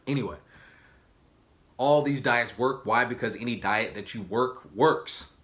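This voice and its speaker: A man's voice: mid-range voice, measured pace, pushed and bright. A man talking straight to camera on his own channel in a casual, slangy, emphatic way. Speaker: vlogger. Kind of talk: casual direct-to-camera talk.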